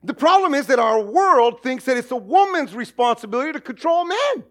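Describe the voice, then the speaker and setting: A middle-aged man preaching a sermon as pastor, animated and jokey, with acted asides. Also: extremely high pitch, brisk.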